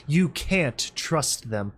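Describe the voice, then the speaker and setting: A man's voice: fairly high pitch, expressive, very slow, a bit bright, breathy edge, exaggerated voice. Guy reading as grumpy armored stallion soldier, stern and accusing, storybook. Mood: suspicious. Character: gruff, suspicious armored male soldier pony.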